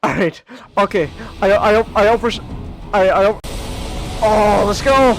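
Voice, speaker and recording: A man with a high-pitched voice streams a game, chatting casually at an unhurried pace. He's excitable, yelping and laughing at the game, with faint music in the background.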